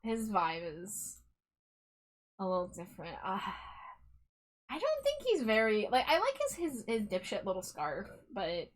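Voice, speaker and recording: A woman's voice: medium pitch, huge pitch swings, a little slow, pauses often. A woman hosting a casual stream, reading out toy bios and ranting bluntly and sarcastically, with some swearing. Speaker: streamer host.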